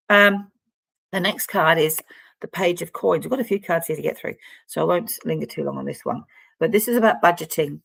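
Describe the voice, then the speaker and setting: A woman with a lowish, gravelly voice talks through a tarot card reading, chatty and rambling, speaking straight to the listener. The sound is dry and close, with no room echo. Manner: chatty and rambling, addresses the viewer directly. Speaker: tarot reader.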